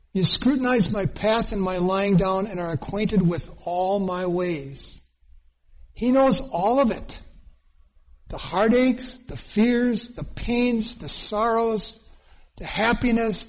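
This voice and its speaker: High-voiced slow-preaching man. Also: darkish tone, rough recording. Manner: earnest, dwells on phrases with slow emphatic repetition. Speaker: pastor. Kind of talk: sermon.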